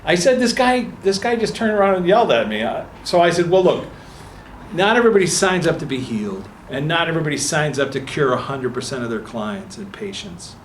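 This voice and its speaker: A man's voice: fairly high pitch, very animated, fairly quick, slight background noise. A man telling a personal story to an audience at a book talk, acting out the voices of the people in it. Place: meeting room before an audience. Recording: echoey room with faint ambience.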